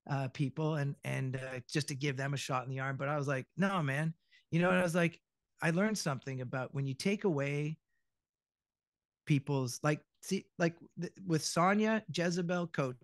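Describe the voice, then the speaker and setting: A man's voice: a little high, normal speed, dry recording, clean studio sound. A middle-aged voice actor chatting as a podcast guest. He tells his stories with energy, acts out the quotes, and swears freely. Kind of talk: casual podcast chat.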